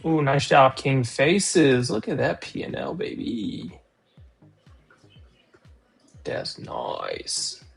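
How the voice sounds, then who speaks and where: A man chatting casually on a live day-trading stream, excitable about his trades. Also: mid-range voice, drawn-out words, gravelly, pauses often, faint music behind.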